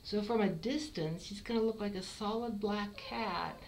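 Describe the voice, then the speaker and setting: A middle-aged woman, a longtime cat breeder, showing off kittens in a fond, unhurried way. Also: mid-range voice, a little mellow, a little hiss or hum, low-quality recording. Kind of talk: casual kitten showcase.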